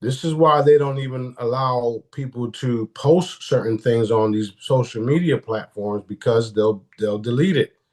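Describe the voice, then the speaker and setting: A man talks bluntly and swears freely as a guest on a live stream. He often restarts his sentences mid-thought. His voice sits at an ordinary middle pitch. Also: measured pace, a little mellow. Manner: blunt and profane, with frequent restarts. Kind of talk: casual live-stream interview.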